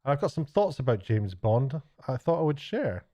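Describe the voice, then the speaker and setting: A middle-aged man talks in a mid-pitched voice with a chatty, self-mocking ramble. He trips over restarts as he muses aloud. The sound is dull and lo-fi. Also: very animated, normal speed, warm tone. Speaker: YouTuber and TV director. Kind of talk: rambling late-night vlog.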